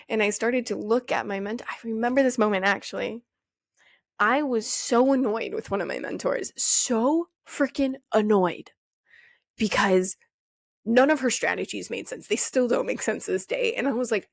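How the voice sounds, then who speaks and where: A young woman hosting a podcast, talking casually and with energy, swearing freely and acting out her old questions in a higher voice. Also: vocal fry, no echo, clean studio sound. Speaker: podcast host. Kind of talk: casual motivational monologue.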